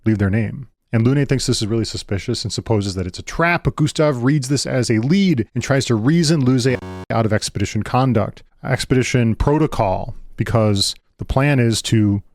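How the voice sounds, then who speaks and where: A man co-hosting a gaming podcast from a basement, wry and quick with quips, recapping the story. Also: medium pitch, darkish tone, dry recording. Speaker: podcast co-host.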